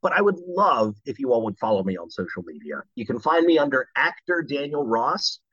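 Casting note: bright, lively male voice actor, dry and slightly muffled mic. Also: medium pitch, brisk, husky, no room sound. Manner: animated storyteller who slips into voices. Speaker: voice actor guest. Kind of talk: casual podcast chat.

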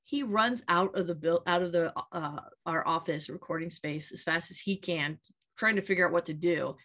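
A woman's voice: on the low side, moderate pace. A woman in her late thirties co-hosting a podcast in casual chat, telling stories candidly and animatedly. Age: late 30s. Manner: candid, animated storytelling with laughs and profanity. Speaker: podcast co-host.

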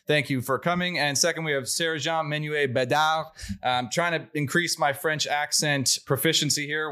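A young man hosting a chatty podcast. His voice is bright and a touch high, and he keeps a playful, teasing tone with plenty of self-mocking banter. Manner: joking, self-deprecating banter. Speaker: podcast host. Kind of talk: casual podcast chat.

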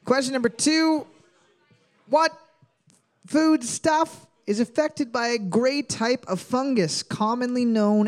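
High-voiced joking quiz host man. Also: a little mellow. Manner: reads questions twice, then jokes and laughs. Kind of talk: joking trivia quiz banter.

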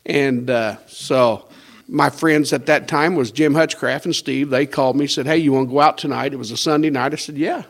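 A man's voice: medium pitch, normal speed. A man, a pastor telling his life testimony in a folksy, conversational way, acting out the lines of the people in his story and chuckling now and then. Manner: storytelling with quoted dialogue and chuckles.

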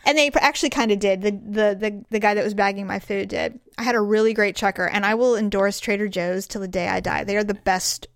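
A middle-aged woman co-hosting a podcast, telling funny stories with lots of laughter and squeaky acted-out quotes. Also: fairly even intonation, brisk, few pauses, dry recording, clean studio sound. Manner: laughs often, acts out quotes in high chirpy voices. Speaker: podcast co-host. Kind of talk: casual chat.

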